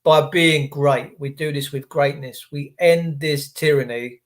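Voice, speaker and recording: Male livestream host, high voice, indignant and sarcastic rant delivered straight to chat. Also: fairly even intonation, a little slow. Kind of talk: ranting livestream commentary.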